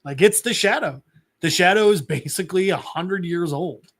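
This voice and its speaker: A man co-hosting a podcast, casually recapping a comic and acting out the characters' lines in an animated way. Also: high-pitched, moderate pace. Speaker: podcast co-host.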